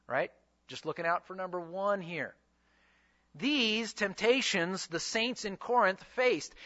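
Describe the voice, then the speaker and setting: A man's voice: high-pitched, bright, forceful tone, lo-fi sound. A man preaching a sermon, teaching with rhetorical questions and quoted scripture. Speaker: pastor and seminary teacher.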